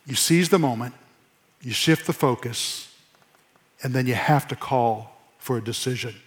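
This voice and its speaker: A man preaching a sermon to his congregation in church, earnest, repeating phrases for emphasis and dropping to a soft hush. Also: medium pitch, unhurried. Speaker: pastor.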